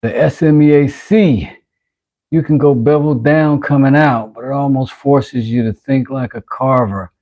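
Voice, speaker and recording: A man's voice: medium pitch, a little slow, warm tone. A man chatting casually with his live-stream audience while carving wood, joking and bantering playfully. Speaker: woodworking streamer.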